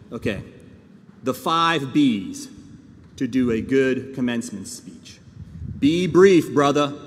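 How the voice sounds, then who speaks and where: Male commencement speaker, earnest and folksy, mid-range voice, reverberant hall with faint noise. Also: medium pitch. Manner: earnest and folksy, with audience asides and jokes. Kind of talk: commencement speech. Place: large ceremony hall.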